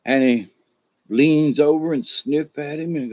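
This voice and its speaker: A man's voice: on the high side, measured pace, dry recording. Rambling man telling a folk tale. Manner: rambling, full of "you know" and restarts. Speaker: shaman storyteller. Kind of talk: casual spoken storytelling. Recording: dull lo-fi recording.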